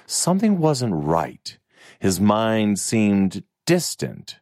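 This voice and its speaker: A man narrating a fantasy novel in an expressive, even storytelling manner. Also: extremely low pitch, takes it slowly, no echo, studio quality. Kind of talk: audiobook narration.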